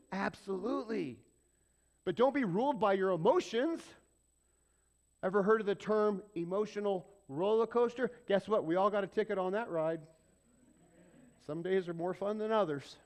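A middle-aged male pastor with a high voice delivers a sermon in a conversational style. He fires off rhetorical questions and acts out little exchanges as he goes.

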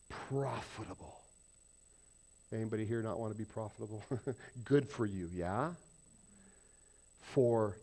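With a voice on the low side, a male pastor preaches with emphasis to the congregation. He keeps questioning his listeners, swinging from loud points to quiet asides.

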